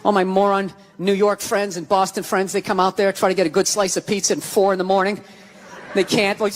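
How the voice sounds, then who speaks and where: A stand-up comedian from the US East Coast delivers a profane, ranting live set and acts out quick bits of other people. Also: male voice, high-pitched, level tone, background noise. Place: large theater stage before an audience. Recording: live theater with reverb and crowd laughter.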